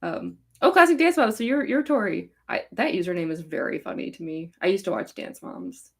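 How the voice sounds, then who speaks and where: Her voice is on the low side, gravelly and sing-song, and she talks fairly quickly. This young fanfic author from Chicago, with an accent that sounds Californian, chats casually on a live Q&A stream, giggling and rambling valley-girl style with plenty of likes and ums.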